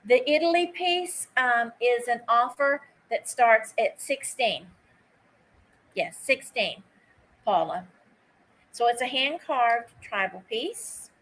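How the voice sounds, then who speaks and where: A woman's voice: a little high, expressive, slow pace, fairly bright tone, rough recording. Chatty woman running a live online sale. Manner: chatty, greets viewers by name while taking bids; casual asides and easy laughter. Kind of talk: live-stream auction chat.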